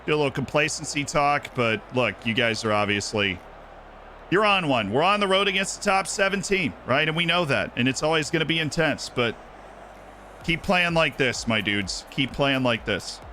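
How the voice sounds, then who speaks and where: A young man streaming himself playing a football management game, muttering asides and then shouting with delight when his team scores. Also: on the high side, normal speed, a little hiss or hum. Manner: excitable, swings from mumbled asides to shouting at goals. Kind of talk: live gameplay commentary.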